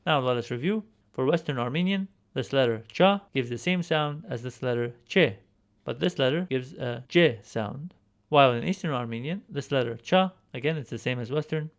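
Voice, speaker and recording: A man teaching a recorded alphabet lesson, speaking patiently and repeating each word slowly so learners can follow. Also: medium pitch. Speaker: language teacher.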